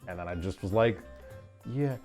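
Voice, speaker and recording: A man's voice: fairly low pitch, expressive, normal speed, a little mellow, soft background music. A man streaming a game speedrun, chatting casually and telling rambling, self-deprecating stories full of fillers. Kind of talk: casual chat during a livestream.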